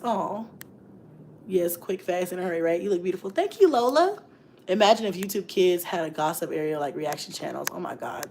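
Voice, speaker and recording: A middle-aged woman and mom vlogger in casual live-stream chat, talking in a chatty, animated way and breaking off now and then to call out to her kids at home. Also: mid-range voice, background noise.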